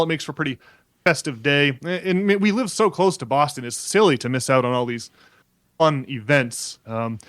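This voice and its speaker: A man's voice: mid-range voice, fairly bright tone, no room sound. A man co-hosting a casual podcast, talking at length in a rambling way with many fillers and restarts. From New England. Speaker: podcast co-host.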